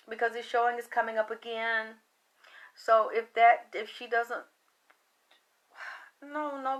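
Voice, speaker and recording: A woman's voice: fairly high pitch, a bit bright. A tired woman talking to her livestream viewers, emotional and rambling, often trailing off into sighs. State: tired from late night. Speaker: psychic reader.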